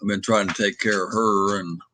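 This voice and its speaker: A man hosting a casual livestream from home, rambling and reading viewer comments out loud with lots of hesitant fillers. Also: fairly low pitch, steady tone, normal speed, very noisy. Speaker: livestream host. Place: at home with his dog.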